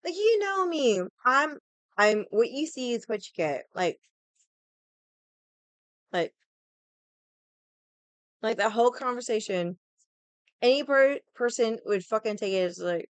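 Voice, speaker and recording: A woman's voice: a little high, expressive, slow pace, long pauses, smooth, dry recording. A young adult woman ranting casually to her stream, swearing a lot and sounding exasperated. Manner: profane, exasperated, mocks others in quoted voices. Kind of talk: casual venting rant.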